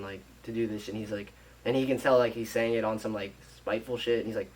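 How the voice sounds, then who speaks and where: A man on a podcast casually retelling a movie plot, rambling and animated, acting out the characters' lines and swearing freely. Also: mid-range voice, fast talker, distant mic, poor audio. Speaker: podcast co-host.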